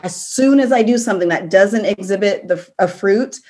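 On a laid-back faith podcast, a young woman co-host talks at a moderate pace in a medium-pitched voice with a darkish, slightly rough tone. Her chat is reflective, broken up by laughter between thoughts.

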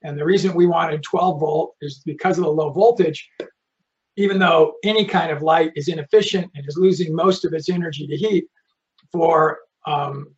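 A man's voice: on the high side, fairly even intonation, moderate pace, muffled recording. Rambling man hosting a live webinar. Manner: friendly, reads audience questions, rambling asides. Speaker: host of a live online community session.

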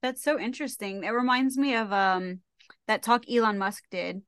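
A woman's voice: on the high side, normal speed, fairly bright tone, smooth, no echo, clean studio sound. A woman hosting a podcast, asking curious, playful questions in a casual chat. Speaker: podcast host. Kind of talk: casual conversational interview.

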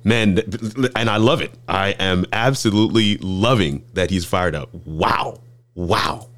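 A male livestream host speaks with eager enthusiasm and often trips over restarts. His voice is very low, and the recording is dry and close. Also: measured pace, fairly bright tone, no room sound. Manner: enthusiastic, interjecting, stumbling restarts. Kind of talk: live interview hosting.

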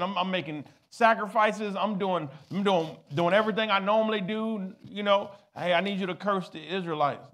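A man pastoring a church, preaching a sermon and calling on the congregation to answer back. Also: high voice. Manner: preaching, rising to loud exhortation, calling for responses. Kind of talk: sermon with audience call-and-response.

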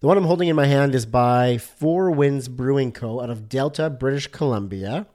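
A man's voice: mid-range voice, moderate pace, a little mellow. A man hosting a casual solo podcast about design, upbeat and chatty, with many fillers.

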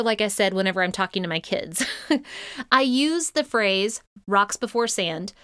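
Middle-aged woman, podcast host, earnest and encouraging, higher pitched, smooth and dry. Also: a bit bright, no room sound. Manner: earnest, encouraging, with frequent light laughs. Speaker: podcast host and leadership coach. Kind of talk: podcast monologue.

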